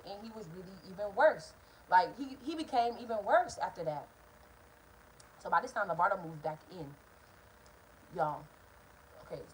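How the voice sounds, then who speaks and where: A young woman telling a story to her viewers, animated and profane, talking straight to the camera. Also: mid-range voice, a little hiss or hum, low-quality recording. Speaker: vlogger. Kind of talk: casual storytime vlog.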